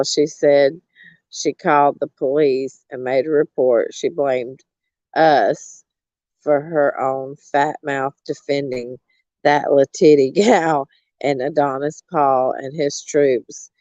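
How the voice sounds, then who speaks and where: Slow-talking woman, blunt. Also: very deep voice, steady tone, a little mellow, no echo, dull audio. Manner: blunt, mocking, laughing, profane. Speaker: vlogger. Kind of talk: casual gossip chat.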